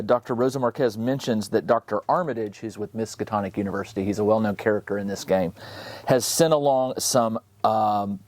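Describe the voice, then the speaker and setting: A man's voice: lowish voice, no echo. A man playing a card game by himself, reading the story text aloud and commenting on his choices in a conversational way, with frequent fillers and self-corrections. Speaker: solo card game player and narrator.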